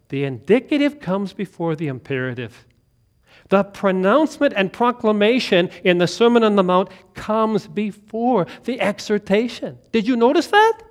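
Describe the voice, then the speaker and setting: Animated male preacher, high lively voice. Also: moderate pace. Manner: animated, swings from loud emphatic lines to quiet hushed ones; laughs and asks listeners questions. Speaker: pastor. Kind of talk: sermon.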